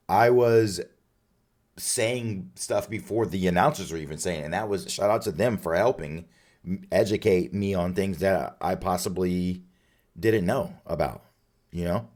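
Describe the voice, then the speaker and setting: Tired male streamer, deep and raspy, easygoing sign-off chatter. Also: measured pace. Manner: upbeat, rambling shout-outs to chat. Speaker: streamer hosting a watch party. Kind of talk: casual live-stream sign-off chat.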